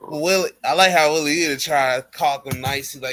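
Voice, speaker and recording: A man's voice: a little high, steady tone, a little fast, few pauses, sharp tone, soft background music. A man casually recapping a wrestling show on a podcast, storytelling with slang and acting out the wrestlers' lines. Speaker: podcast co-host.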